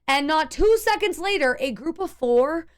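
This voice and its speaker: A woman streamer telling her chat a tense story in a casual, animated way, full of restarts and fillers. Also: high voice, moderate pace.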